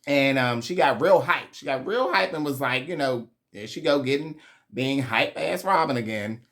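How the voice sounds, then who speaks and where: A man's voice: mid-range voice, expressive, normal speed, a bit bright. A man hosting a casual reality TV recap, chatty, slangy and profane, laughing often.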